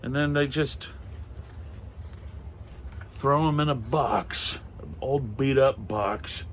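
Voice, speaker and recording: With a mid-range voice and a slow delivery over slight background noise, a middle-aged comic and pulp collector chats casually. He shows off old pulp magazines, reading titles aloud and muttering wry asides.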